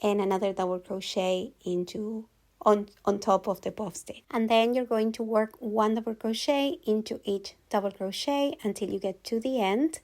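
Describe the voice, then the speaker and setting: A woman giving a calm, patient step-by-step crochet tutorial voice-over, repeating each step clearly. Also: medium pitch. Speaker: crochet instructor.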